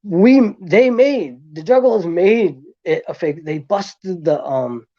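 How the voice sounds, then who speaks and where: A man guest telling a long story in casual chat, rambling with many fillers and restarts, and getting animated as he retells events. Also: high voice, slow, dry recording, dull audio.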